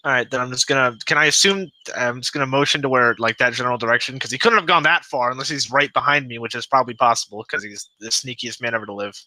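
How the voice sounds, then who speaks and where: Bright-voiced man playing a tabletop game. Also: mid-range voice, fast talker, few pauses, poor audio. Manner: describes actions step by step. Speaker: player. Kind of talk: casual tabletop play.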